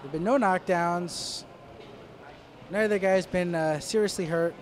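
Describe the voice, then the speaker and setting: A man's voice: high-pitched, measured pace, noisy background. A man giving live boxing commentary in a dry, wry way, with many fillers and restarts.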